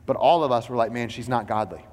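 A man's voice: medium pitch, fast talker, darkish tone, long reverb tail. A man preaching a sermon as a pastor. He talks in a loose, conversational way, full of "like" and "you know".

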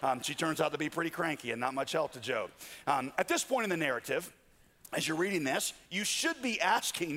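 A man's voice: fairly high pitch, animated, a little fast, bright, forceful tone. A man preaching a sermon, telling stories with joking asides. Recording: long hall reverb.

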